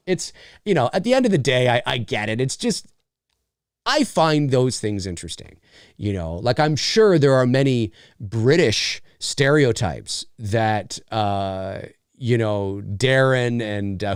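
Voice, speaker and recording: A man hosting a casual live stream, chatting in an animated way with many fillers and mock voices. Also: medium pitch, smooth, no echo, clean studio sound. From Canada. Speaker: live show host answering questions.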